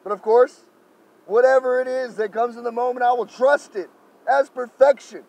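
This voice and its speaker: A man giving an improvised spiritual monologue to camera, effusive and gentle, pausing often and repeating thanks and loving affirmations. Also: extremely high pitch, steady tone, poor audio. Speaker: spiritual speaker.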